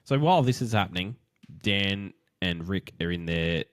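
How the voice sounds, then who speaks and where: A man with a fairly low voice recaps a TV show in casual chat. He acts out the scenes in quick quoted voices. The sound is dry and close. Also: expressive, no echo. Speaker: podcast co-host.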